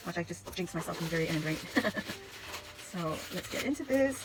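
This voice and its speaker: A woman's voice: lowish voice, lively intonation, moderate pace, noisy background. A woman vlogger chatting casually to the camera as she unboxes gifts, gushing and effusive, laughing often and exclaiming in delight. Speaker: craft vlogger opening gifts.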